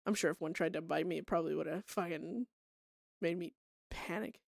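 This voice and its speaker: A woman's voice: lowish voice, fairly quick, vocal fry, no room sound, clean studio sound. A young woman from Canada chatting casually with her stream viewers, laughing often and swearing freely.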